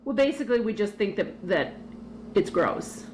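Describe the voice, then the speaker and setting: A woman's voice: mid-range voice, animated, moderate pace, darkish tone, low-quality recording. A woman hosting a casual podcast chat, blunt and teasing, swearing freely. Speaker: podcast host.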